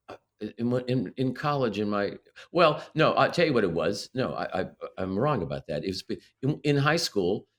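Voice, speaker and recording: Older man telling stories haltingly, low-pitched. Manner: halting, full of restarts and self-corrections. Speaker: guest actor. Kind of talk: casual interview chat.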